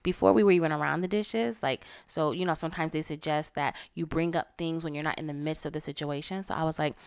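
A woman co-hosting a podcast, telling stories in an animated way and talking straight to her listeners. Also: low-pitched, fast talker, creaky, clean tone, dry recording, studio quality. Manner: animated storyteller who talks straight to the audience. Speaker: podcast co-host. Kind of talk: casual chat.

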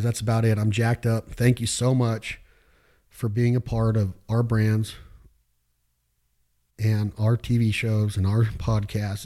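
Warm-voiced fired-up man. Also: on the low side. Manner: fired-up, preachy pep talk with slang and swearing. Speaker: podcast host. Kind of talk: casual solo podcast talk.

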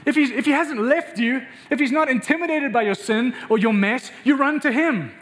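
A man's voice: very high-pitched, moderate pace, a bit bright, slight background noise. A man preaching a passionate, emphatic sermon and speaking directly to his congregation in a church. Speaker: pastor.

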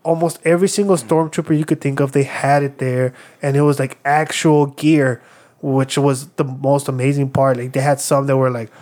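A man's voice: mid-range voice, flat delivery, moderate pace, a little mellow. A young man casually telling a rambling story among friends, full of fillers and restarts. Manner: rambling, lots of fillers and acted quotes.

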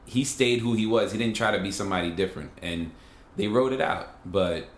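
Guest voice: low man, relaxed, agreeable, roomy echo around him. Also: brisk, a little hiss or hum. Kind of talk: casual podcast chat. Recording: echoey room.

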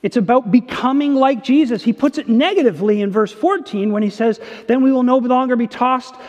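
Pastor preaching in a reverberant church. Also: male voice, very high voice, a little fast. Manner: earnest preaching, swinging between emphatic and hushed. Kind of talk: sermon. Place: church sanctuary. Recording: dull sound with long church reverb.

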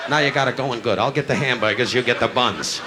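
A man doing insulting stand-up crowd work on a nightclub stage, firing barbs at audience members. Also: mid-range voice. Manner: insulting, rapid-fire banter with the audience. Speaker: stand-up comedian. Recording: noisy 1960s live album recording.

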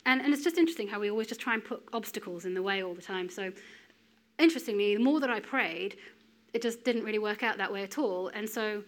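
A woman in her thirties giving a sermon in a conversational, storytelling way with lively asides. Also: mid-range voice, fast talker. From United Kingdom. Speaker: preacher.

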